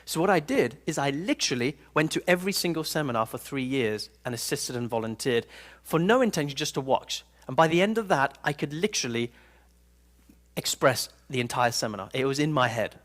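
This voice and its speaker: A man giving a live seminar talk to an audience in a room, telling stories in an animated, playful way. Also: mid-range voice, a little fast. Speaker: personal development speaker.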